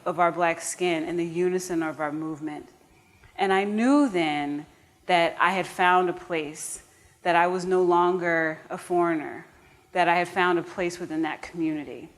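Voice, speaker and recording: American woman storyteller, lowish voice, earnest with audience asides, live stage. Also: fairly even intonation, measured pace. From United States. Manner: earnest and warm-humored, with frequent restarts and asides to the audience.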